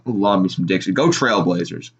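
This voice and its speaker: A man hosting a casual live reaction stream, telling rambling, animated stories. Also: deep voice, normal speed, muffled recording, slight background noise. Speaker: sports live-stream host.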